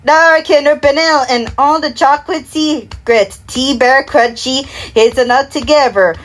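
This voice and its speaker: In an unhurried, high voice, a woman performs a one-person imitation of a TV ad break. Her slogans and brand names come out slurred and half-mumbled, and she hums and sings the jingles using "da da" syllables.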